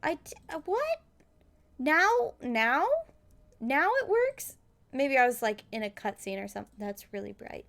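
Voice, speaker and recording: A woman's voice: high-pitched, very animated, creaky, a bit bright. A young woman giving casual, giggly gaming commentary. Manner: giggly, quick asides. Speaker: streamer.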